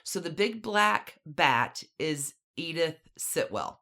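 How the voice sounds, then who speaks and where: Low-voiced woman, podcast co-host, casual storyteller with dry asides. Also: animated, takes it slowly, vocal fry, pushed and bright.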